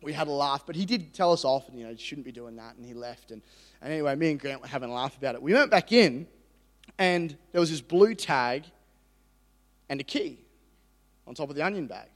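A young man with an Australian accent preaching a sermon, telling stories in an animated, self-deprecating way with frequent restarts. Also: a little high, fairly quick, long pauses. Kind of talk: sermon with personal story. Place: church hall. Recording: reverberant hall.

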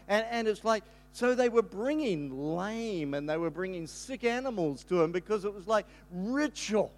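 An older man preaching from the pulpit with a high, lively voice. He tells stories in a rambling, animated way, stops to restart his sentences, and suddenly breaks into loud shouts. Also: unhurried, few pauses. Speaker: pastor. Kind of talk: storytelling sermon.

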